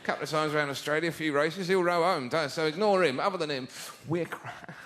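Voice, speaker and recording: A man with an English accent performing a stand-up routine on a theatre stage, breaking into shouted mock outbursts. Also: on the high side, fast talker. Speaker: stand-up comedian. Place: theatre stage with live audience. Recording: live show recording with audience noise.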